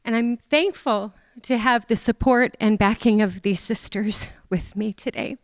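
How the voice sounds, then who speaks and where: A woman's voice: fairly high pitch, measured pace, dry recording, long reverb tail. A middle-aged woman from Canada giving a tearful, heartfelt memorial tribute to her mother in a church. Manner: tearful, emotional, speaks of feelings openly.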